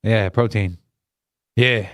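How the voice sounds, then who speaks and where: A man's voice: lowish voice, fairly even intonation, slow, dry recording, studio quality. A man hosting a live trading stream, chatting with viewers by name and calling out chart patterns in a hyped, casual way.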